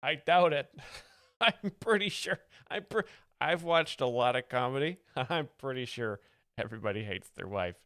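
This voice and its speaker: A man's voice: mid-range voice, expressive, normal speed, fairly bright tone, dry recording. A young man hosting a comedy show, explaining jokes in a dry, mock-earnest way. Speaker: joke explainer host. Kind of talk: deadpan comedic commentary.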